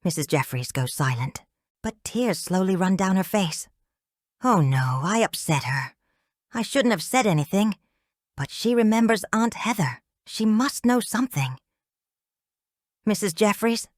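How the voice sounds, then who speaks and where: A woman narrating a first-person audiobook in a measured, calm storytelling manner. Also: medium pitch, no room sound, clean studio sound.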